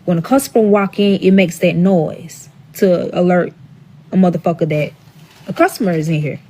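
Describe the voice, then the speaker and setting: A woman's voice: lowish voice, fairly even intonation, normal speed, warm tone, a little hiss or hum. A woman telling a personal story to her viewers in a casual storytime vlog, profane and dramatic, addressing them directly.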